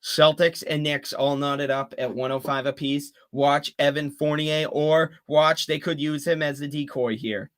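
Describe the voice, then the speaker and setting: A young man giving fan play-by-play commentary of a basketball game, excitable and openly rooting for one team. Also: on the high side, a little slow, hardly any pauses.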